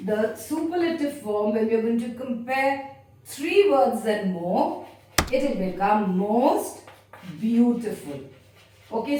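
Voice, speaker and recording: A woman's voice: a little high, darkish tone, distant mic. A woman teacher patiently explaining a grammar lesson to children step by step. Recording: very echoey room, voice off-mic.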